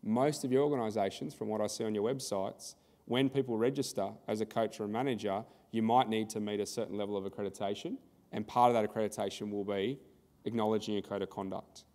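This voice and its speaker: A man's voice: on the low side, fairly even intonation, quick pace, a little mellow, big-room sound. An Australian man presenting a conference workshop in a conversational style, telling anecdotes and acting out the dialogue.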